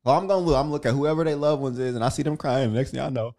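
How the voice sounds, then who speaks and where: A young man co-hosting a podcast, telling a story in a playful, expressive way. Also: medium pitch, very fast. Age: young adult. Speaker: podcast co-host. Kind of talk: casual chat.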